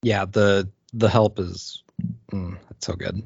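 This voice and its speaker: Husky, low-voiced man rambling eagerly. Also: fairly even intonation, slow pace, a little mellow. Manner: enthusiastic, rambling. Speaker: podcast co-host. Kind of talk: casual chat. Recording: dull lo-fi podcast audio.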